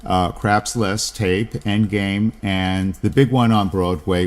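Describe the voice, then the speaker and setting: Deep-voiced man hosting a discursive podcast. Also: fairly even intonation, takes it slowly. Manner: discursive, many fillers and restarts. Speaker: podcast host. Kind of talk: lecture-style podcast talk.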